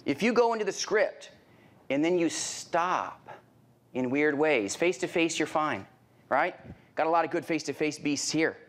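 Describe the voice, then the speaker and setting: A middle-aged man leads a live sales training with a somewhat high voice. He talks in punchy, repeated phrases and throws rhetorical questions at the room. He bursts into loud exclamations when he acts out little scenes. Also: expressive, normal speed.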